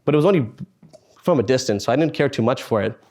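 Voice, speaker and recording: A young man in his twenties recounts a personal story to an audience of students. His delivery is earnest and halting, broken up by pauses and heavy sighs, and his voice sits at an ordinary middle pitch. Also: lively intonation, a little mellow. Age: 20s. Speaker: speaker at a student fellows meetup.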